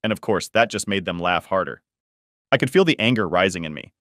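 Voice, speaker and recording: A man's voice: low voice, animated, brisk, a bit bright, dry recording, studio quality. A man narrating a first-person family story in a casual, blunt way that swears freely.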